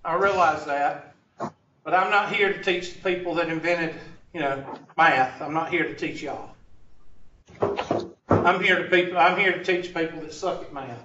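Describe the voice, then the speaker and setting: His voice sits on the high side, moving at a moderate pace with frequent pauses. A Southern-accented math teacher from Upstate South Carolina, USA, he teaches fractions casually, folksy and teasing, with joking asides for his audience. The sound is dull and lo-fi, recorded at a distance in an echoey room with faint noise.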